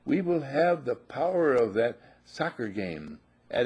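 An older man giving a sermon as a spiritual teacher, emphatic and animated, repeating his phrases and sometimes shouting. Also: mid-range voice, normal speed, husky.

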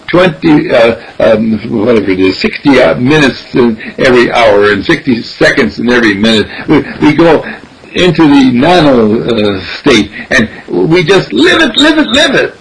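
A man giving an animated spiritual teaching, repeating phrases and acting out dialogues. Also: medium pitch, creaky, husky, low-quality recording. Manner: animated, repetitive, acts out dialogue.

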